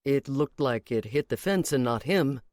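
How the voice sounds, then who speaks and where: A woman voicing a disciplined young man who reports things calmly and plainly. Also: a bass voice, normal speed, dry recording, studio quality, voice pushed down. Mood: matter-of-fact.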